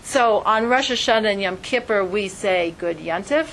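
Lively woman giving a Torah class. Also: normal speed, a little hiss or hum, rough recording. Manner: lively, acts out quoted voices in a high pitch. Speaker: Torah teacher.

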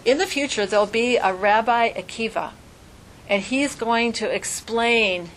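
Her mid-range voice has a fairly bright tone, with a bit of hiss or hum behind it. Teaching a casual religious class, she speaks earnestly and conversationally, often saying "like" and stacking up rhetorical questions.

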